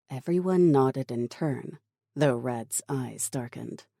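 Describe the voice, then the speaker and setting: Casting: slow, mellow-voiced thriller narrator, dry close sound. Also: mid-range voice, dry recording. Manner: measured, dramatic storytelling. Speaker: audiobook narrator. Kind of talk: scripted audiobook narration.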